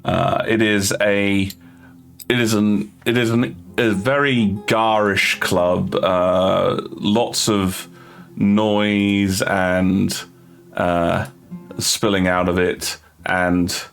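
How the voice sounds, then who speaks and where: A man narrating as game master of a tabletop game, halting with many fillers and restarts. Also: deep voice, level tone, creaky, soft background music.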